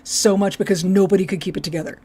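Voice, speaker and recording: Excitable woman podcast co-host. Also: medium pitch, fast, breathy edge. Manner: enthusiastic, swears a lot, laughs often. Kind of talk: casual chat recapping a TV episode.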